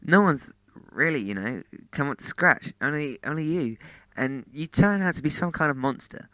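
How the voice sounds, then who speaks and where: A man reading the lines of a shy, nervous young woman, speaking a little higher in a breathy, hesitant way. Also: animated, moderate pace, bright, forceful tone, no echo, low-quality recording. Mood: flustered. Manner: breathy, hesitant, raised pitch.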